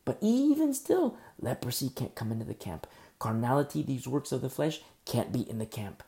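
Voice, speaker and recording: A man's voice: medium pitch, very animated, normal speed, gravelly, warm tone. A man preaching a sermon as pastor, building through emphatic rhetorical questions.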